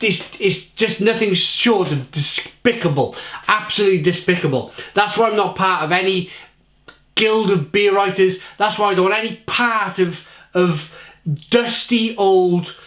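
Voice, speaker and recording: A man's voice: high-pitched, fairly bright tone. A man reviewing beer on camera at home in his kitchen, ranting with exasperation and repeating himself. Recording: roomy kitchen echo.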